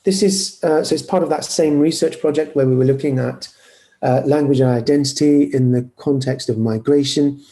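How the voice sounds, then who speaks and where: Male lecturer on a video call, mellow tone, hesitant delivery with restarts. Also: medium pitch, fairly even intonation, normal speed. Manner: hesitant, apologetic, many fillers and restarts. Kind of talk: online lecture with screen sharing.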